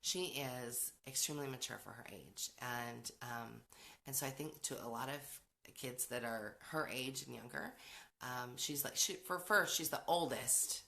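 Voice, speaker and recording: A woman's voice: a bass voice, a little slow, gravelly, pushed and bright. A woman in her forties hosting a podcast, talking casually about parenting, chatty, laughing often and acting out quotes. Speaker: podcast host.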